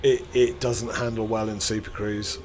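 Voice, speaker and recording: A middle-aged man hosts a gaming channel, rambling casually as he plays a space game and chuckling at himself often. His voice is fairly low and flat with a darkish tone, at normal speed, and a faint hiss or hum runs underneath.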